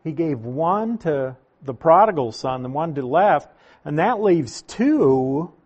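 A man preaching a sermon, teaching through a Bible passage verse by verse in a deliberate, emphatic way. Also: fairly high pitch, very animated, a little mellow, muffled recording.

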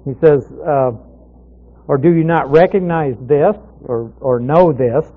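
A man with a fairly high voice teaches through a Bible passage verse by verse. He talks conversationally, asking questions and answering them himself. The sound is thin and phone-like, as on a radio broadcast. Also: unhurried.

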